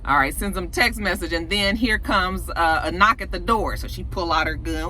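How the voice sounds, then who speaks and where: Chatty, bright-voiced woman recapping a show. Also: fairly low pitch, normal speed, a little hiss or hum. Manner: chatty, profane, animated retelling. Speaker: TV episode reviewer. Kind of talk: casual recap vlog.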